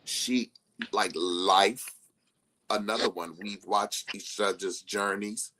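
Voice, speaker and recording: Guest: young man, low-pitched, chatty storyteller who laughs easily. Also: slow, a little hiss or hum. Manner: animated storyteller who laughs often and acts out quoted people. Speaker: interview guest. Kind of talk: casual live-stream chat.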